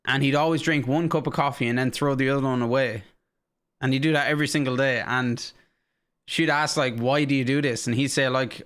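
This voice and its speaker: An Irish man chatting loosely on a podcast, swearing as he goes and drifting from one story to the next. His voice sits at an ordinary middle pitch. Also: fairly even intonation, brisk, fairly bright tone. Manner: rambling, swears a lot, tells stories. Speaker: podcast co-host. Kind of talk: casual chat.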